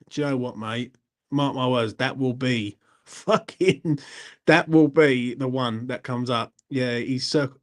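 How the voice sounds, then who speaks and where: A man hosts a fan channel live stream, chatting casually and answering viewers. He rambles in a matey way and swears freely. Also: mid-range voice. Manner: rambling and matey, swears, keeps asking "you know what I mean".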